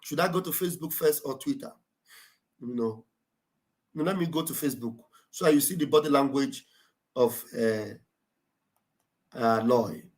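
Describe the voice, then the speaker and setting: A Nigerian man giving live political commentary, animated and mocking, often laughing and mimicking others, with a preacher-like fervor. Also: medium pitch, rough recording. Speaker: livestream commentator.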